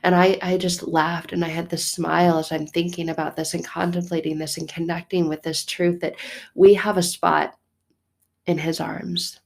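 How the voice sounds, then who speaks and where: Gravelly-voiced mother musing on faith. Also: on the low side, normal speed. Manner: animated, laughing, mock-exasperated asides. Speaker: mother sharing a faith reflection. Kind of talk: casual spoken reflection.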